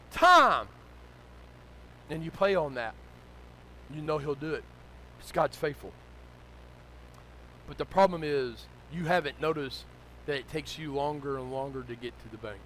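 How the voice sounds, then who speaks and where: A male pastor, preaching a sermon that moves from low, conversational storytelling to loud, shouted exhortation. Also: a little hiss or hum, poor audio.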